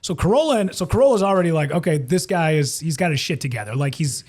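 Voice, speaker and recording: A man's voice: a little high, fast talker. A man from Minnesota, a comedian and former radio host, telling casual stories as a podcast guest and acting out other people's lines. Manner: animated, acts out other people's lines in quoted voices. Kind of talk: casual storytelling in a podcast interview.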